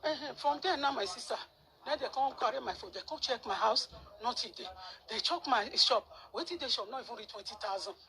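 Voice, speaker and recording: Fast-talking Nigerian Pidgin woman. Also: a little high. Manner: animated storyteller, repeats words for emphasis. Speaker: interviewee. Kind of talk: emotional personal account. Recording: crowd noise behind.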